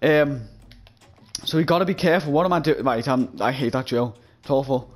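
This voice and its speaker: A young man from England casually narrating his football video game, chatting and reacting excitedly to the play while sniffling. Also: mid-range voice, brisk. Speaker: gaming YouTuber. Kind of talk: casual gameplay commentary.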